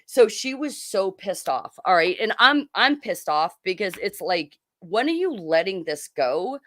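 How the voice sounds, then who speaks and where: In a clean, echo-free studio recording, a middle-aged podcast co-host tells a story in relaxed conversation at an unhurried pace. Her medium-pitched voice is animated as she acts out the people she quotes.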